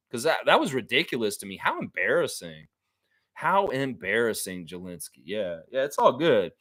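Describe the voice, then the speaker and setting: Guy hosting a fan livestream, voice swinging up and down a lot, dry close mic, chatty and ranty. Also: no room sound. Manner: animated, jumps into high-pitched mock voices when quoting people; swears casually, rants. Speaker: host of a basketball fan live stream. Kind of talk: casual live-stream chat reading viewer comments.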